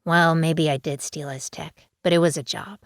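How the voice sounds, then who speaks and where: A woman voicing a stern, dry-witted dragon woman in human form, speaking in a clipped New York accent with firm, flat delivery. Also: low voice, moderate pace, dry recording.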